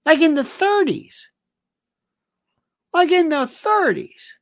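Slow-talking, scornful woman commentator. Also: high voice, big pitch swings, gravelly, no echo, studio quality. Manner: indignant, repeats phrases for emphasis; sarcastic and scornful. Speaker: political commentator. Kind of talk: political commentary monologue.

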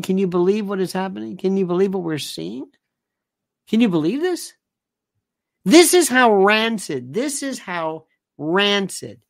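A woman with a medium-pitched voice gives an indignant, sarcastic political commentary monologue, hammering her points home by repeating phrases in a scornful way. The audio is studio quality with no room sound.

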